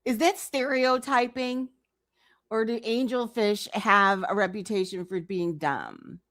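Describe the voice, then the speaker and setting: A woman's voice: medium pitch, measured pace, a bit bright, no echo, studio quality. A woman streamer giving reaction commentary on a clip, incredulous and teasing as she talks back to it.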